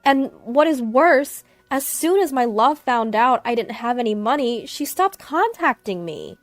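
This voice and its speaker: A woman voicing an arrogant, desperate ex-husband in a storytelling narration, pushing his lines higher and louder when he pleads. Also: expressive, a little slow, no room sound, soft background music. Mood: pleading.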